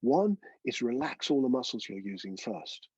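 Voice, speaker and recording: Husky, mellow-voiced male breathwork teacher. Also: medium pitch, sing-song, moderate pace, no room sound, lo-fi sound. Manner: coaching, chatty, checks in with "yeah?". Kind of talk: live online breathwork class.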